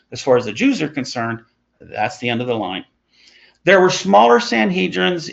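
Male Bible study teacher, gravelly, casual and digressive, muffled lo-fi sound. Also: mid-range voice. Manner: conversational, digressive, chuckling asides.

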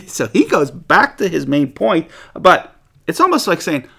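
Gravelly-voiced man teaching scripture. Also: on the high side, measured pace. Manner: animated, reads scripture aloud then paraphrases it conversationally, laughs often. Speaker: Bible teacher. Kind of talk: sermon, verse-by-verse Bible teaching.

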